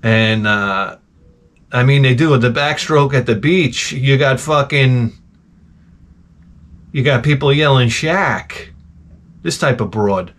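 A man's voice: medium pitch, slow, pauses often, a bit bright. A middle-aged man hosting a retro game channel, rambling through a blunt, profane comedic rant full of wisecracks.

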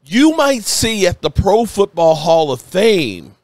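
A man's voice: high voice, very animated, takes it slowly, no echo. A man live-streaming, emotional and a bit tipsy, rambling and swearing as he rants with emphatic bursts.

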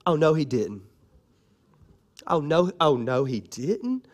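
Sassy scorned young widow woman plotting revenge, put on by a male preacher in a low, drawling mutter. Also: measured pace, natural voice. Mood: indignant.

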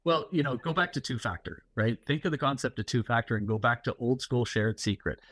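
A man's voice: mid-range voice, brisk, a bit bright, slightly rough, no room sound. A middle-aged man, a guest security executive, talking casually and explaining at length with many fillers and anecdotes. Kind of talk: casual interview talk.

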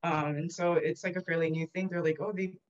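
A woman therapist talking fast in a casual podcast chat, filling her speech with "like". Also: low voice, level tone. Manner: rapid, filler-heavy with many "like"s. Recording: muffled lo-fi audio.

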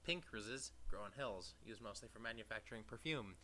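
A man playing a brisk video game employer who lays out the job step by step. His voice is bright and forward, and his delivery is plain and businesslike. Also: on the low side, expressive, slight background noise. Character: brisk adult male rose-business boss.

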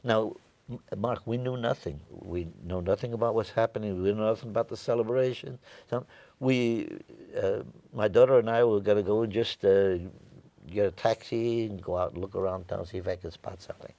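A man's voice: on the low side, fairly even intonation, fairly quick, warm tone. A man in his nineties from New York, a war veteran telling his stories in an oral history interview, rambling and repeating his words. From New York, United States. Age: 90s.

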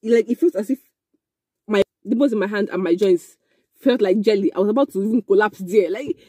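Young woman vlogger, excitable storyteller, close, dry sound. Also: medium pitch, a little fast, slightly rough, no echo. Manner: animated, excitable, breaks into laughter and exclamations. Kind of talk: casual storytime.

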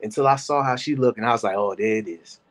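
A man in his thirties giving casual reaction commentary, animated and rambling, talking to his chat by name. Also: on the low side, fast talker. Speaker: commentary host.

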